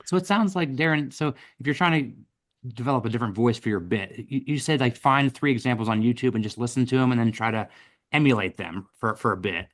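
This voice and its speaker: A man's voice: mid-range voice, a little fast, fairly bright tone. A man co-hosting a podcast, putting a question to his guest by summing up the advice given. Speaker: podcast co-host. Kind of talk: interview question.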